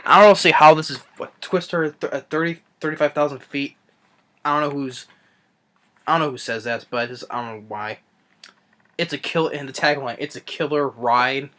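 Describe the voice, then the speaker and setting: A young man ranting through a movie review, exasperated and halting, with many restarts and trailing sighs. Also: on the high side, sharp tone.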